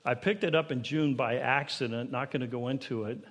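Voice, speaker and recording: A man preaching a sermon to his congregation, building to emphatic, higher-pitched peaks and asking them questions directly. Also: a little fast. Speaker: pastor.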